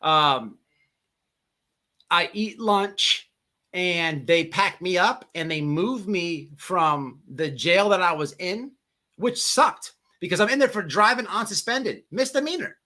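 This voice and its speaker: A man's voice: high voice, animated, slow pace, bright, forceful tone. A man hosting a casual livestream, telling a long profane jail story with many repeated words. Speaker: livestream host.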